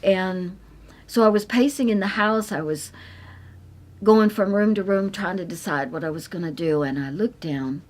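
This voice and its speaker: A middle-aged woman sharing a personal faith testimony, earnest and tender, and sometimes dropping to a soft whisper. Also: medium pitch, moderate pace. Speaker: Christian speaker sharing her testimony.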